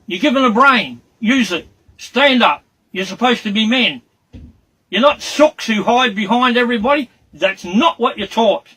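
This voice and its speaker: A man's voice: very high voice, lively intonation, unhurried, husky, rough recording. An Australian man delivering an angry, accusatory rant, repeating his demands. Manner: shouting, accusatory, repetitive demands. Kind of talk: angry ranting monologue.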